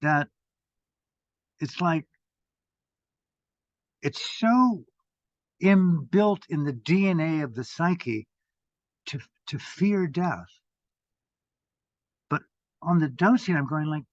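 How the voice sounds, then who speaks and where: An older man speaks with fervor, his voice sitting a little high for a man and swinging from loud bursts to near-murmurs. The sound is dry and close with no room around it. The audio is dull and lo-fi, like a video call. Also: lively intonation, takes it slowly, pauses often, dry recording. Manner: intense, profane, swings from loud to hushed. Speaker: meditation teacher. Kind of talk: impassioned talk.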